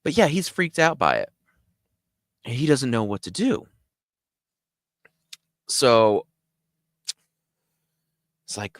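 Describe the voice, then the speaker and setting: A man hosting a show, telling a story in a casual, animated way with lots of fillers. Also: medium pitch, takes it slowly, long pauses, no room sound, studio quality. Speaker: host.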